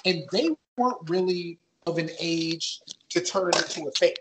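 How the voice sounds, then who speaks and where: A man's voice: a little high, normal speed, very noisy. A man from Maryland, a podcast guest, talking in a laid-back, loose way with lots of fillers. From Maryland, USA. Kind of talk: casual podcast chat.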